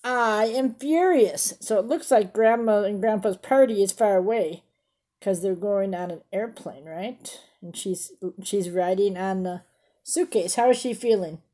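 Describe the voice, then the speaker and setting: A woman's voice: mid-range voice, measured pace, mellow. A woman reading a picture book aloud to children, stopping often to ask about the pictures and explain fancy words. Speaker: storybook reader.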